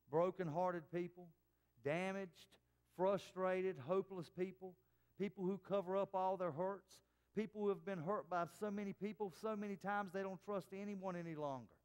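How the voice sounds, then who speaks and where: A man preaching a sermon as pastor, dropping to soft, hushed tones for quoted words. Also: on the high side, clear, resonant tone, long reverb tail. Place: church sanctuary.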